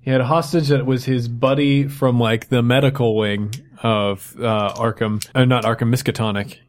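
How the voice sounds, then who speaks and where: Guy running a tabletop game, rambly and loose, mid pitch. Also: fairly even intonation, normal speed. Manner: rambling, loose, lots of fillers and restarts. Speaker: game master.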